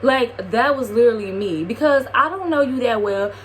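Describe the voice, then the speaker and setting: A young woman vlogger telling a casual storytime tale, lively and slangy, acting out the quotes. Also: a little high, normal speed, a little hiss or hum.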